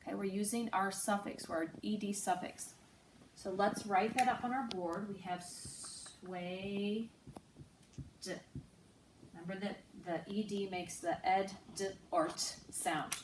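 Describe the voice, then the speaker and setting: A woman teacher giving a slow, patient online phonics lesson, spelling out letters and sounds. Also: mid-range voice. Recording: roomy, distant mic with faint noise.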